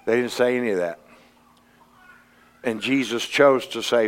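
Preacher man in a reverberant hall. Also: measured pace. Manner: earnest, rising to emphatic peaks and dropping low. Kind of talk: sermon.

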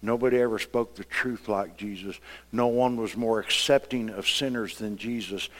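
A man preaching a sermon, swinging between quiet, conversational passages and loud, impassioned outbursts. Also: on the low side, moderate pace. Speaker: pastor.

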